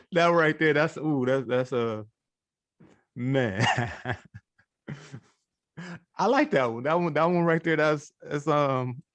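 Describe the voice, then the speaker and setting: A man's voice: fairly high pitch, drawn-out words, long pauses, fairly bright tone, no room sound. A man hosting a podcast in a laid-back casual chat, laughing often and leaning on filler phrases. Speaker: podcast host.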